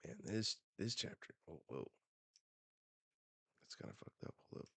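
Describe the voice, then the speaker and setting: A man's voice: low voice, big pitch swings, a little slow, creaky, pushed and bright, breathy edge, no echo. A man hosting a manga reaction, reading the chapter aloud with casual, slangy asides.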